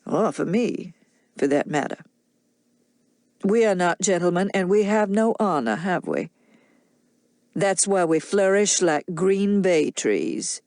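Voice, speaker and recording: A drunken husband with a slow, sneering drawl, as a woman reader puts him on. His voice sits low and unhurried, full of mockery. The audiobook recording is dry and close. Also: expressive, a little mellow, no room sound. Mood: mocking. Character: drunken mocking Southern gentleman, menacing husband.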